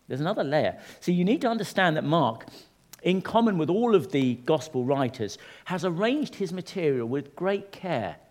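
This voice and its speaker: A man preaching a sermon, talking conversationally with the congregation and swinging from soft, low remarks to loud, emphatic rises.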